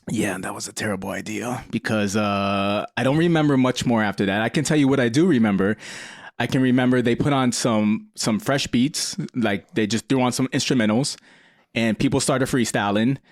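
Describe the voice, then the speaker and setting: Male podcast guest, mid pitch, loose storyteller who keeps laughing, dry room. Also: normal speed, no room sound. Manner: animated, laughs often while telling a story. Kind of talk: casual storytelling chat.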